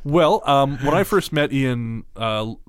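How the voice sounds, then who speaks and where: A man co-hosting a podcast, chatting casually and telling stories in an animated way with quick restarts. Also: medium pitch, smooth, no room sound, studio quality. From Canada. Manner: fast, animated storyteller with frequent restarts. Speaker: podcast co-host. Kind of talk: casual chat.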